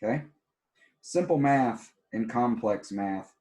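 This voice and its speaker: Guy teaching algebra notes, kinda tired, lowish voice, says the rules over and over. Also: expressive, measured pace, pauses often, a little mellow. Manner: plainspoken, repeats key rules with emphasis. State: tired, yawning. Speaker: math teacher. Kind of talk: recorded classroom math lesson.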